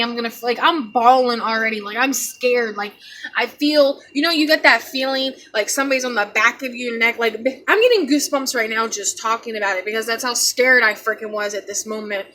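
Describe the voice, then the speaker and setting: A woman's voice: on the high side, a little fast, a little hiss or hum. A young woman vlogger telling a personal story in a casual, rambling way, acting out what people said. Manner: animated, rambling, acts out quotes.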